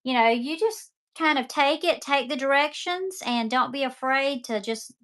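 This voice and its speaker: A woman's voice: high voice, normal speed, a bit bright. A talkative woman in her fifties with a Southern accent from Mississippi, chatting casually while selling art kits on a live stream.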